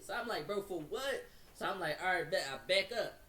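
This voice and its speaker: A man's voice: high-pitched, a little fast, distant mic, slight background noise. A man telling a story in casual slang, acting out what people said to him and speeding up as it gets tense. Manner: slangy, acts out quotes, speeds up when excited. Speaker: storyteller recounting an incident.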